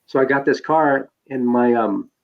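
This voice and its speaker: Speaking a little slowly in a mid-range voice, this man recounts his personal history as a podcast guest. He wanders as he talks, stumbling over fillers and starting sentences again, all captured in a dull lo-fi recording.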